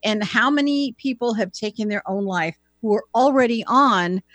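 A woman with a voice pitched a little high speaks in an earnest, explanatory way. She talks in a casual back-and-forth style. The recording is dry and close to the mic. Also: normal speed, fairly bright tone, no room sound, faint music behind. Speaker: co-host. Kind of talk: casual discussion.

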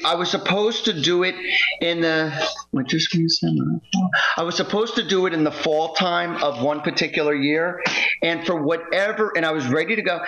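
A man with a voice a bit higher than most men tells a personal story as a guest in a conversation. He rambles, circles back and restarts his sentences. The recording is muffled and lo-fi. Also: a bit bright. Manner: rambling, repeats himself and restarts lines. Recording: muffled lo-fi audio.

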